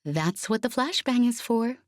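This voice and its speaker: A woman's voice: on the high side, lively intonation, a little slow, dry recording, clean studio sound, pitched above the performer's own voice. A woman reading an audiobook, voicing a bold, grinning young woman leading a crew. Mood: cocky.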